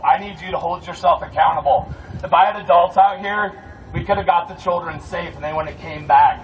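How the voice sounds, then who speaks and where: A man's voice: high-pitched, fairly even intonation, fairly quick, fairly bright tone. Fired-up man rallying a street crowd. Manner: profane, heated, rallying. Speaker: protest security volunteer. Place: outdoor street protest at night. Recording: distant mic with street noise.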